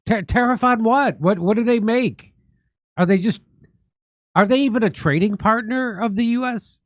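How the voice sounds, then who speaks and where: A man's voice: high voice, normal speed, dry recording, clean studio sound. A man hosting a comedy talk show, laughing often and stumbling over his words. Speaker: host.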